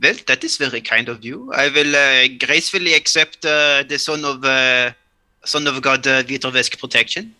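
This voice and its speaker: A man's voice: medium pitch, sharp tone. A man playing a grung frog sorcerer who stumbles through his words and clings to formal titles. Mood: flustered. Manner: halting, full of filler words and stumbles. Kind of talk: tabletop role-play in character.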